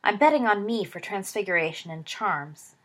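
A woman voicing a lively, teasing teenage schoolboy who runs the bets in a storybook reading, brisk and declaring, with a breathy voice. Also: medium pitch, lightly acted.

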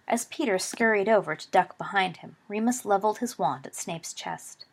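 A woman reading a story aloud with expressive, brisk delivery. Her voice sits at an ordinary middle pitch for a woman. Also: creaky. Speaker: narrator.

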